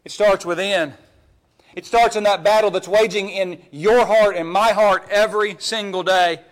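A male pastor preaching with a notably high voice. His delivery is emphatic and full of stammered repeats, rising to loud urgency and dropping to quiet, close asides. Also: fairly even intonation, moderate pace. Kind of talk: sermon.

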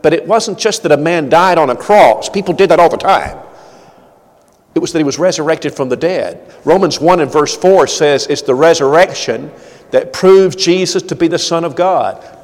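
A man's voice: fairly high pitch, moderate pace. Male preacher with a long, ringing reverb. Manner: earnest, repeats words, swings loud and soft. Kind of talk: sermon.

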